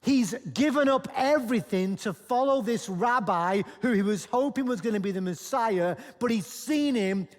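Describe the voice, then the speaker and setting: High-voiced male pastor preaching in a hall. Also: normal speed, few pauses. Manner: animated storytelling, acting out characters. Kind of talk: sermon. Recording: long church-hall reverb.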